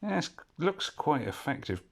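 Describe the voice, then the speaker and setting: A man's voice: fairly high pitch, very animated, a little slow, creaky. A man giving casual, rambling commentary as he plays a mobile puzzle game, often drifting off topic and correcting himself. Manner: rambling, digressive and self-correcting.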